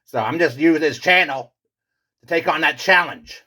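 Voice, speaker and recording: A man voicing a boastful male pizza character with a husky, gravelly voice in a comedy skit. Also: moderate pace, sharp tone. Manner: booming, theatrical, insistent. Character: boastful male pizza character, self-styled great one.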